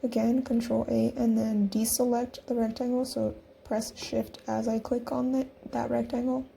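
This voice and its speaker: Young adult woman, chatty tutorial host; mellow, slightly gravelly tone, faint background hiss. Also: on the high side, flat delivery, moderate pace. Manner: chatty, giggly, talks through each click. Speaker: design tutorial creator. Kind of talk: casual screen-recorded tutorial.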